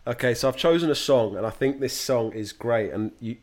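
A man's voice: mid-range voice, darkish tone. A man who works as an actor, talking as a podcast guest in a casual, slangy way, often restarting his sentences. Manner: halting, many restarts, slangy.

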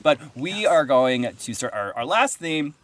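Guy hosting a movie podcast, excited, voice bouncing up and down. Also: fairly high pitch, unhurried. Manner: enthusiastic, animated. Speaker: podcast host. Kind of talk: casual film podcast chat.

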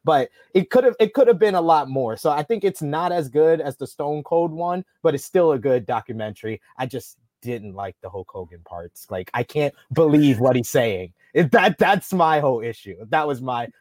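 A man's voice: mid-range voice, darkish tone, no room sound, clean studio sound. A man co-hosting a casual talk stream, giving rambling, opinionated takes as a reviewer. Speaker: podcast co-host and reviewer. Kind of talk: casual live-stream chat.

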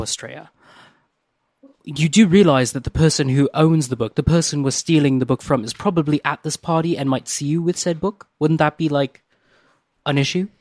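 A man chatting as a player in a tabletop role-play game, with halting restarts and incredulous questions. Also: a little high, no room sound, studio quality. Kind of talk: casual role-play chat.

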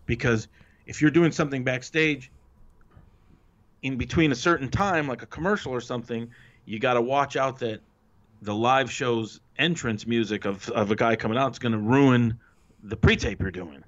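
Guy telling backstage stories on a podcast, swears a lot, pops his voice up for quotes, kinda dull lo-fi audio. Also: normal speed. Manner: animated, acts out quotes with raised pitch, swears freely. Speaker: former wrestling writer, interview guest. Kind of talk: casual storytelling interview. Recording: muffled lo-fi audio.

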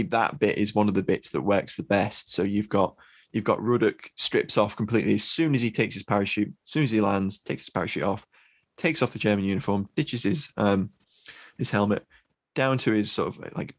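A man's voice: fairly low pitch, no echo. A British man co-hosting a film podcast, chatting casually with lots of restarts and ums. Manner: halting, many restarts and ums. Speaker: podcast co-host.

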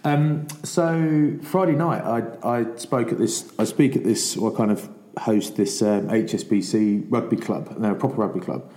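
Low-voiced man, chatty podcast host. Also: normal speed, few pauses, mellow. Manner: chatty anecdotal storytelling. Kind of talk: casual chat. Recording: echoey room.

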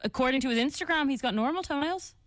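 A woman's voice: high voice, animated, quick pace, no room sound, clean studio sound. Playful woman radio co-host. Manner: self-mocking and playful. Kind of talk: casual radio chat. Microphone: studio mic.

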